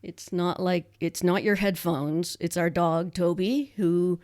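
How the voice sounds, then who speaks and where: Chatty Nova Scotian woman, lowish voice. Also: slow, a little mellow. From Canada. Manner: chatty, laughs easily, many restarts. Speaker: podcast co-host. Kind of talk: casual podcast chat. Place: home.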